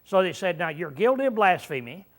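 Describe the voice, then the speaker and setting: High-voiced preacher teaching a Bible lesson. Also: male voice, very animated. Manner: teaching verse by verse, asking the listeners questions; frequent throat-clearing and halting fillers. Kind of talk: sermon.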